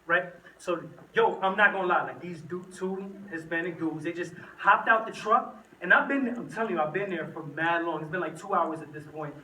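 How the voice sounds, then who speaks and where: A young man tells a slangy, animated story to a youth group, recorded in an echoey room from a distance. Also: high-pitched, brisk. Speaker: youth speaker. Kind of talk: storytelling talk to teens. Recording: echoey room, from the mic, faint noise.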